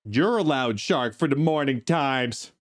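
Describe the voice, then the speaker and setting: Sleepy, slow-talking man streaming a game. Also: medium pitch, lively intonation, faint music behind. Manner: chatty, greets viewers by name, talks to his dog. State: sleepy, keeps yawning. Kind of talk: casual live-stream chat.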